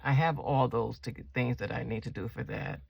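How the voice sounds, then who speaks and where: A woman's voice: a bass voice, vocal fry, a little hiss or hum. A woman vlogger chatting casually while she decorates a planner spread at home, rambling and asking viewers questions. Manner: rambling, slow and relaxed.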